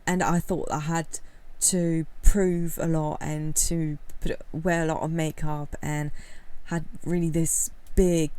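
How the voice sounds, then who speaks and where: A woman giving casual talking-head commentary for a video essay, candid and rambling, with many fillers and soft laughs. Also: deep voice, level tone, takes it slowly, dry recording.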